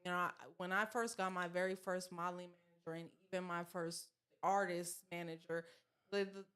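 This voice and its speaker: A woman's voice: fairly low pitch, little pitch movement, moderate pace, a bit bright, clear, resonant tone. A woman in her thirties with a Southern US accent, chatting casually as a podcast guest, rambling with many fillers and restarts. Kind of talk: casual chat.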